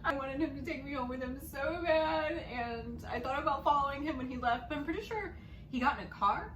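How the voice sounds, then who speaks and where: A young woman vlogger telling a story casually, with lots of expression and swearing, and she jumps into loud squeaky voices when she quotes people. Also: a little fast, recorded from a distance, slight background noise. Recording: echoey room, a little off-mic, music underneath.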